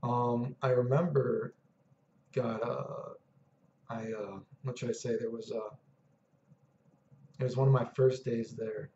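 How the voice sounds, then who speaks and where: Casual, profane male vlogger, thirties, mellow dark voice, dull echoey room recording. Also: medium pitch, level tone, slow pace, pauses often, slight background noise. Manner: casual, profane, keeps saying "dude" and "you know what I mean". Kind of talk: rambling personal storytelling.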